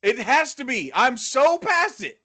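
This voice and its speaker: Bright, emphatic man co-hosting. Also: extremely high pitch, sing-song, a little slow, husky. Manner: emphatic and opinionated, speculating freely. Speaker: podcast co-host. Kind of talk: casual podcast chat.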